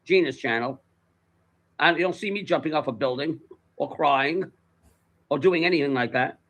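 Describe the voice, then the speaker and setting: Animated, swearing male storyteller. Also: on the high side, normal speed. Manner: profane, animated, acts out the voices. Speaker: guest storyteller. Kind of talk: casual anecdote.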